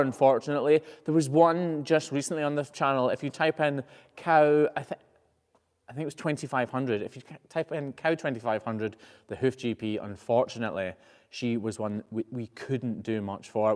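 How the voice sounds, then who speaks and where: An easygoing man hosts a casual live Q&A, reading each viewer question aloud after a quick "uh" and answering in a chatty, rambling way. His pitch sits at a middling level for a man. The sound hangs in a long, hall-like reverb. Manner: chatty and easygoing, frequent "uh" before each question, self-correcting restarts. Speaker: professional hoof trimmer and channel host.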